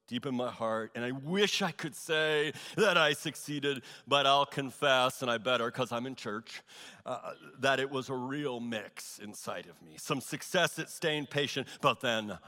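Animated pastor man in a reverberant hall. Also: mid-range voice, unhurried. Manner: animated storytelling with exaggerated asides. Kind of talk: sermon. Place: large church hall.

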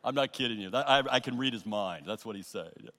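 A man preaching a sermon as pastor, earnest and emphatic, with pauses and repeated phrases. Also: on the low side, pushed and bright, long reverb tail. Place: church sanctuary.

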